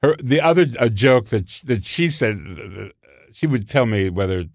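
A man's voice: mid-range voice, moderate pace, no echo, clean studio sound. An older man, a comedy writer, telling anecdotes animatedly and often laughing. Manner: animated, acts out voices and laughs a lot. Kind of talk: anecdotal storytelling.

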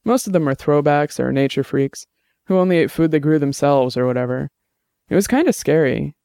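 A man's voice: a little high, fairly quick, creaky, dark tone, smooth, no room sound, studio quality. A man voicing a wry, casual detective in an audiobook. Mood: rueful.

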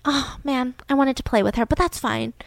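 A woman's voice: high voice, vocal fry, dry recording. Woman doing a frantic chatty suburban mom. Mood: bubbly. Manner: fast, flustered and excitable.

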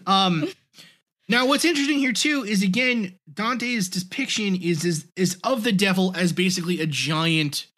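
A podcast co-host who leads the discussion in an explanatory way, often pausing on "um" and opening points with "now, what's interesting.". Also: medium pitch, a bit bright.

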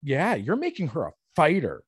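A man's voice: fairly high pitch, huge pitch swings, moderate pace, slightly rough, no echo, clean studio sound. A man, a guest on a talk show, telling rambling, jokey stories in casual chat.

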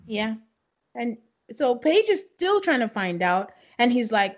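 A woman co-host talks through a show's scenes in a casual, dramatic way and slips into slang. Her voice sits fairly high. She tells it like gossip between friends. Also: unhurried. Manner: animated, dramatic retelling with acted-out quotes. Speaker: podcast co-host. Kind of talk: casual chat recapping a reality show.

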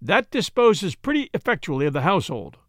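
A man's voice: high voice, very animated, a little fast, fairly bright tone, dry recording. Male reader playing a self-assured inspector in a storybook, confident and matter-of-fact, dry close sound.

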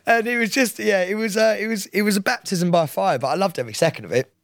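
A young man, co-hosting a casual chat podcast and telling animated stories full of acted-out quotes. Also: high voice, quick pace, no echo. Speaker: podcast co-host.

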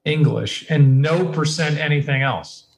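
A man's voice: a little high, measured pace, creaky. A man who works as an announcer, chatting casually on a podcast and telling stories about himself in a self-mocking way.

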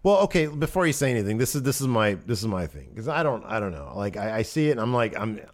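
A man co-hosts a podcast, recapping wrestling in relaxed chatter. His voice sits on the low side and moves fast, animated, often laughing or letting sentences trail off.

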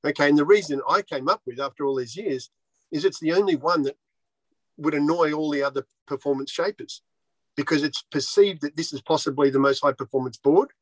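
A man's voice: on the high side, a little fast, no echo, poor audio. A man who designs surfboards, talking bluntly and swearing freely in a casual interview. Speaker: surfboard shaper.

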